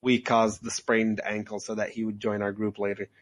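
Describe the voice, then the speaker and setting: A man's voice: fairly low pitch, level tone, moderate pace. A young man co-hosting a casual podcast, telling a rambling story with jokes. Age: young adult. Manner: rambling storyteller, jokey, laughs often. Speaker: podcast co-host. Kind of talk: casual chat.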